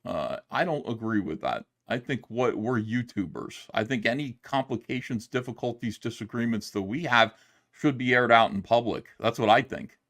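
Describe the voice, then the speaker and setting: A middle-aged man holds forth on a casual livestream. He rants and swears freely, peppering his talk with fillers. His voice sits at a middling pitch for a man. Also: moderate pace. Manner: animated, profane ranting with frequent fillers. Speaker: streamer reacting to a video.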